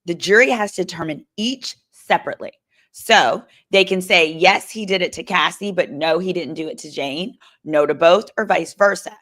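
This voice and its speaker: A woman's voice: lowish voice, normal speed, a bit bright. A woman lawyer hosting a live stream, reading chat comments and giving sassy, chatty legal commentary.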